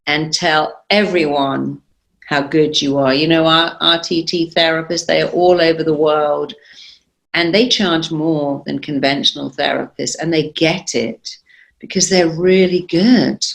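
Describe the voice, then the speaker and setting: With a low, creaky voice and an unhurried delivery, a middle-aged woman therapist shares stories as a guest in a conversational interview. Her retelling is animated, emphatic, and confident.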